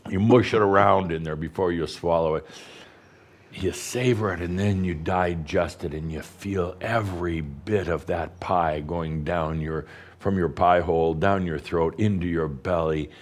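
A man, a spiritual teacher, guiding a group through deep breathing in a playful, teasing way with slow, emphatic phrasing. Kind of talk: guided breathing talk to an audience.

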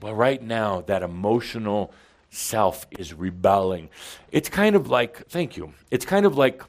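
A man giving a playful, animated channeled talk to a live audience in a hall, often laughing along with them. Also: lowish voice, unhurried. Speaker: spiritual teacher channeling to an audience.

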